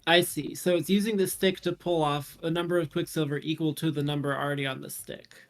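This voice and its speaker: A man's voice: a little high, steady tone, fairly quick, faint music behind. A man commentating casually on a tournament stream, thinking aloud through numbers and puzzle solutions.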